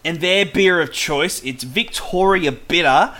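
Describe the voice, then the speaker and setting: An Australian man from New South Wales, interviewing in a relaxed chat with plenty of hesitant fillers. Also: on the high side, unhurried. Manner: easygoing, hesitant with many "uh" fillers. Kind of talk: casual chat.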